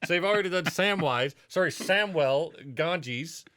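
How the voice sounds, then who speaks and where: A man co-hosting a podcast in loose, casual chat, rambling through profane jokes and stories. His voice is bright and lively, swinging widely in pitch. It sounds close and dry, with no room echo. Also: unhurried. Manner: rambling, profane joke-telling. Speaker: podcast co-host.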